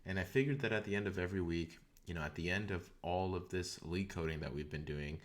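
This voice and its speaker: A man with a very deep, low-pitched voice talks through a coding stream in a relaxed, unscripted way. He rambles a bit, often stumbling and repeating a word before carrying on. He speaks into a desktop condenser microphone. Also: fast. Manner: rambling, frequent self-corrections and repeated words. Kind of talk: casual live-stream talk. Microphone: desktop USB condenser mic.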